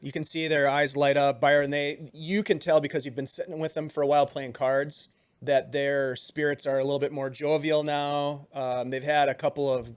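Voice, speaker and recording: A man narrating as game master in a relaxed, loose way. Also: fairly high pitch, moderate pace, clear, resonant tone, no echo. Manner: relaxed, loose, lots of ums and restarts, chuckles.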